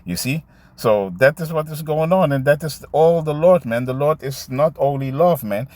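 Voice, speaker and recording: A man preaching and reading scripture aloud in a loose, halting way, tagging his lines with "man" and "you see". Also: fairly high pitch, a little mellow, no room sound. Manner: halting, with many fillers and restarts while finding verses. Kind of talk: casual scripture teaching, reading verses aloud.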